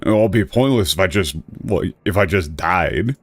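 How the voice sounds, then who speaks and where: Rambling low-voiced male streamer. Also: lively intonation, moderate pace, slightly rough. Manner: rambling, self-correcting, exasperated. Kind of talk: casual livestream commentary.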